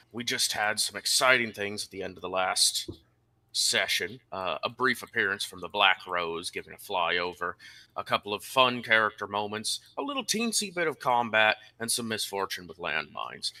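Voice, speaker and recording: A man's voice: on the low side, sharp tone. A man running a tabletop wargame as game master, narrating in a theatrical, announcer-like way.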